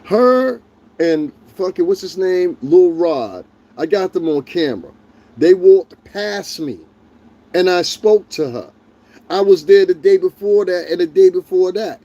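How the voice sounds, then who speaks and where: Profane, heated man with mellow voice. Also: high-pitched, lively intonation, normal speed, highs cut off. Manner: talks directly to chat viewers. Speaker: livestream host. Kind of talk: ranting livestream commentary.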